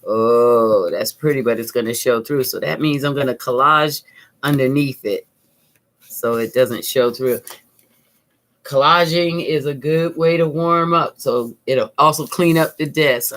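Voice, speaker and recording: A middle-aged woman, hosting a live craft tutorial and chatting with viewers in an upbeat way as she works at her desk. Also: low voice. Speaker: art teacher, channel host. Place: home craft desk, indoors.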